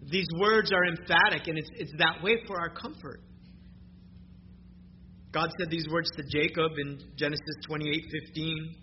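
A man preaching a sermon as a pastor, emphatic and rising on key phrases. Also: fairly high pitch. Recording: muffled recording with clear background noise.

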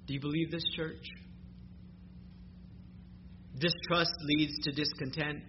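A man's voice: fairly high pitch, level tone, moderate pace. A man preaching a sermon as a pastor, emphatic and rising on key phrases. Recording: muffled recording with clear background noise.

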